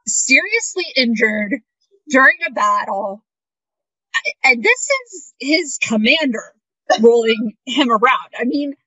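A woman's voice: high-pitched, bright, forceful tone, dry recording. A woman co-hosting a casual fan podcast, giving incredulous, exasperated commentary. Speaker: podcast co-host. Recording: dry, dull lo-fi audio.

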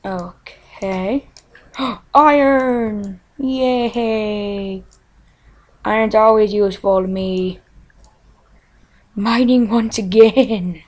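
A woman narrates her own gameplay in a loose, playful, silly way. She talks at an unhurried, slow pace and chants little nonsense words to herself. Her voice sits at an ordinary middle pitch. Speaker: let's play host. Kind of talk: casual gameplay commentary.

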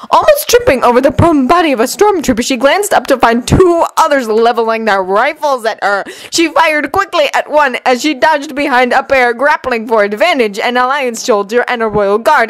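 A woman narrating a fanfiction audiobook in an expressive reading voice that swings with the action. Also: high voice, no echo, low-quality recording. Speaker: fanfiction reader.

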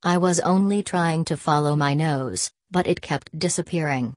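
Woman voicing a small polite bear, earnest, storybook, low voice. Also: normal speed, natural voice. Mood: dismayed.

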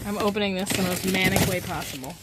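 A woman's voice: medium pitch, quick pace. Woman host, casual self-deprecating unboxing chatter, noisy home recording. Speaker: online reseller, channel host.

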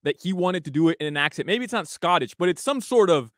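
A man's voice: high voice, expressive, quick pace, a bit bright, no room sound, studio quality. A man on a radio show telling stories in casual chat, laughing often. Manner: chatty storyteller, laughs often.

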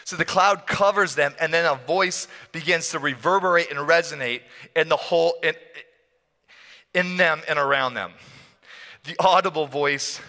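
A man preaching a sermon as a pastor, telling the story in an animated, playful way with frequent laughs. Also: a little high, measured pace. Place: church hall. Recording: long church hall reverb.

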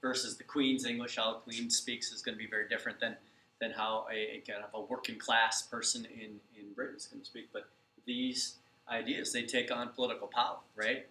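Co-teacher who keeps asking "right?". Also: male voice, medium pitch, little pitch movement, brisk, pushed and bright, echoey room, distant mic, a little hiss or hum, low-quality recording. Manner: conversational, often adds "right?". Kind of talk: classroom lecture.

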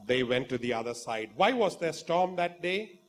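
A man with an Indian English accent preaching a sermon, fervent and dramatic, swinging from quiet talk to loud exclamations. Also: a little high, sing-song, moderate pace. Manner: acts out quoted voices in the story.

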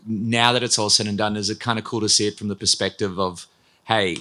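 A man's voice: fairly low pitch, fairly even intonation, a little fast, bright, forceful tone. A man asking a conversational question at a press conference.

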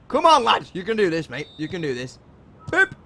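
A young man, giving casual commentary while playing a football video game and shouting encouragement and curses at the players. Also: fairly high pitch. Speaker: gaming channel host.

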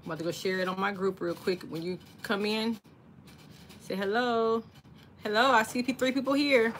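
A woman hosts a casual livestream, chatty, calling out viewers by name. Her voice sits a little high and rings bright and forceful. A faint hiss sits under the recording. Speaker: livestream host. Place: home crafting space.

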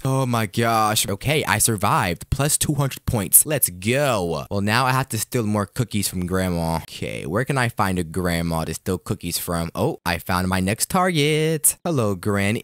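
Excitable young man yelping over a game. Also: unhurried, hardly any pauses, dry recording, studio quality. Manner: excitable, jokey, slangy, with sudden high yelps. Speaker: gaming YouTuber. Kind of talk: game commentary.

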